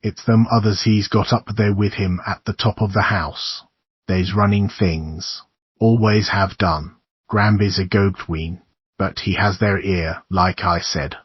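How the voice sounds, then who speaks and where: A man voicing a shabby older male neighbor who gives grim, conspiratorial warnings in a low husky voice. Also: steady tone, measured pace, no room sound. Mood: ominous. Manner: conspiratorial warnings, keeps calling the listener son. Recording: dull lo-fi dry recording.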